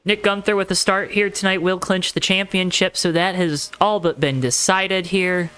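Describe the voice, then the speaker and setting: This is live race commentary from the booth: a man hosting a sim racing broadcast, playful and talkative, addressing the audience head-on. He speaks at a moderate pace in a high-pitched voice that stays steady, sounding pushed, bright and smooth.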